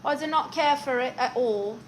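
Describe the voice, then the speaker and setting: A chatty woman hosts a casual live stream, reading out viewer comments and replying to each one. Her voice sits a little high. She talks loosely and conversationally. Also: moderate pace, a little hiss or hum, rough recording. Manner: chatty, reads viewer comments aloud and answers them. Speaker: livestream host.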